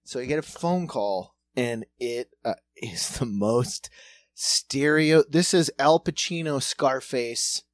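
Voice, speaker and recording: A man co-hosting a casual podcast, telling a story in an animated, profane way. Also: mid-range voice, slow, dry recording. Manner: animated, profane, lots of fillers.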